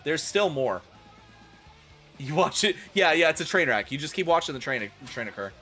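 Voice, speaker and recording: A man's voice: on the high side, big pitch swings, normal speed, bright, forceful tone. A man streaming a comedic dramatic reading, with sarcastic, swearing, laughing asides. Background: faint rock music.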